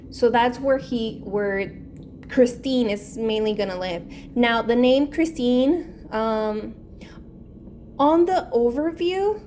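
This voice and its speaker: A woman who hosts her own savings channel casually retells a movie plot in a rambling way, full of "like" and "um." Her voice is a little high and a little mellow, with a bit of hiss or hum in the recording.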